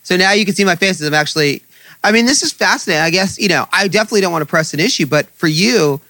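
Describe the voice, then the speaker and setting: A man hosting an interview over a video call, asking questions in a chatty, friendly way with quick asides. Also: high voice, sharp tone, no room sound. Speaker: interview host.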